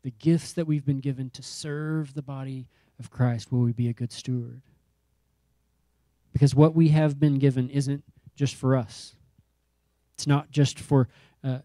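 Male pastor, sermon delivery, emphatic and repetitive, warm tone, dry close mic. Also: medium pitch, no room sound. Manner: emphatic preaching with repeated phrases and rising calls.

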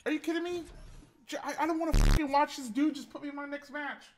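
A woman's voice: sits high, steady tone, fast talker, background noise. A young woman giving casual commentary as she streams a game, swearing freely and laughing often. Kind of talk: casual live-stream commentary while gaming.

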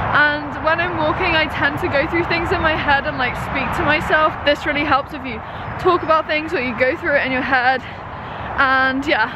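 A young woman, chatting casually in a rambling vlog, sometimes walking outdoors beside a road. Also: high voice. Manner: chatty, rambling with many "like" fillers. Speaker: vlogger. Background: faint passing traffic.

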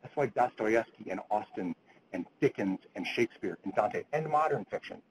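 A man's voice: lowish voice, lively intonation, moderate pace, slight background noise, poor audio. A middle-aged man lecturing physicians at grand rounds, earnest, quoting literature, with frequent restarts. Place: lecture hall.

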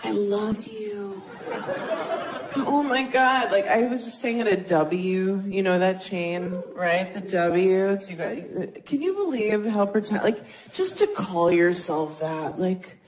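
A woman in her thirties doing a self-mocking stand-up comedy set on a club stage, talking casually and jumping into high squeaky voices for the people she quotes. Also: lively intonation, measured pace, hardly any pauses, poor audio. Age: 30s. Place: comedy club stage before a laughing audience. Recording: live club recording with crowd noise.

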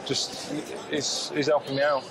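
A man giving deadpan, complaining travel commentary, sounding weary and self-deprecating. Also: mid-range voice, measured pace, very noisy. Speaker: travel show subject.

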